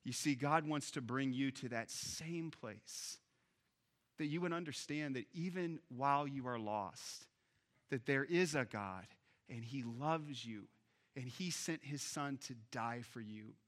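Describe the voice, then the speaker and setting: A man, a pastor, preaching an earnest Easter sermon, building up on key points and dropping soft on others. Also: mid-range voice, a little slow. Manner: earnest, rising with emphasis then dropping soft.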